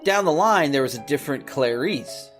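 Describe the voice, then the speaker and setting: A man's voice: mid-range voice, expressive, normal speed, soft background music. A man hosting a podcast, reading movie trivia in casual chat and laughing often. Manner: reads trivia with frequent laughs. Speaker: podcast host.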